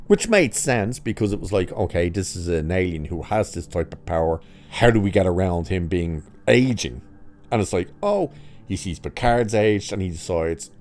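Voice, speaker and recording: Sardonic male vlogger, deep mellow voice, ranting in a casual way. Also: moderate pace. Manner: sarcastic, exasperated, laughs at own jokes. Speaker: pop culture commentator. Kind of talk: opinionated casual commentary.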